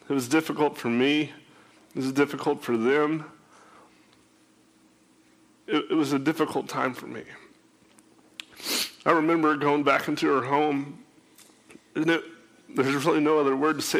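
A man sharing an emotional personal testimony, often halting and repeating his words. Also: on the high side, creaky, a bit bright.

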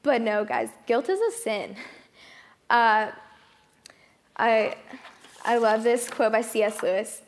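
A woman's voice: fairly high pitch, slow, pauses often. Chatty young woman giving a testimony. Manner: chatty and self-mocking, laughing as she tells a story. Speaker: youth speaker. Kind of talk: testimony talk to a youth gathering. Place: fellowship hall.

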